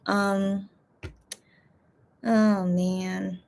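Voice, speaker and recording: A woman's voice: medium pitch, flat delivery, very slow, gravelly, darkish tone, a little hiss or hum. A young woman hosting a casual livestream, rambling and hesitant with many fillers, emotional and close to tears. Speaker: livestream host reading fan messages.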